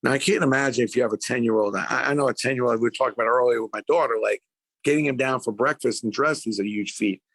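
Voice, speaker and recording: An older man with a New York accent and a gravelly, creaky edge tells his story as a podcast guest. He animates his quotes and swings his voice as he goes. The sound is close and dry. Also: mid-range voice, fast, a bit bright, dry recording. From Brooklyn, New York.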